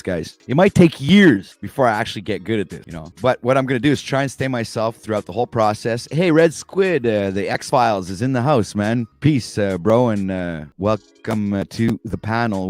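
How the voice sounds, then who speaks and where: A man's voice: low voice, darkish tone, no room sound. A man hosting a casual morning livestream talk show, rambling and laid-back with many fillers and restarts. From Canada.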